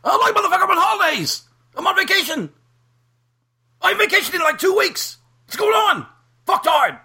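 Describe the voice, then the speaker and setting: A man doing a comedic impression of a brash, foul-mouthed, boastful aging rock star on a podcast. He rants, bursts into shouts and stammers over repeated words. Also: a little high, lively intonation, moderate pace, slightly rough, full character voice. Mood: ranting. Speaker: podcast host.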